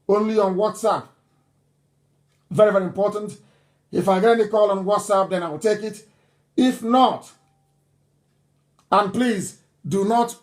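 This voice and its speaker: A Nigerian man hosting a live broadcast, speaking emphatically and repeating his points insistently. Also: high voice. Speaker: broadcast host. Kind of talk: live radio broadcast address.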